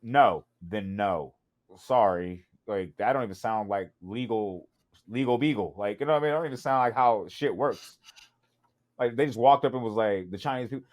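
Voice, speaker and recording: A man's voice: lowish voice, normal speed, darkish tone. A man co-hosting a podcast, chatting casually with slang, rambling and laughing often. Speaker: podcast co-host.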